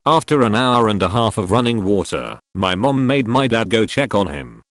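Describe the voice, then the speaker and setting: A man narrating forum stories in a steady, even scripted read. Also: on the low side, normal speed, dry recording.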